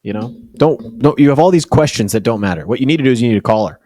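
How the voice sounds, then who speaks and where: A man's voice: medium pitch, animated, fast, a little mellow, no room sound. A young man co-hosting a comedy podcast, dry and wry, giving casual advice. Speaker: podcast co-host.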